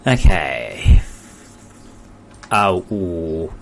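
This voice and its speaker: A man's voice: sits low, very animated, very slow, gravelly, slight background noise. A young man casually chatting on a live stream, muttering and rambling his thoughts aloud from home at a desk microphone. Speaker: game developer streaming his work.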